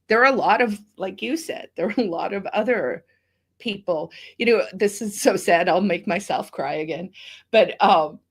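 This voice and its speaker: Woman from South Africa, podcast guest, chatty and emotional, teary and tired. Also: medium pitch. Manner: chatty, emotional, laughs often. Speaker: guest, activist. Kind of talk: casual podcast chat.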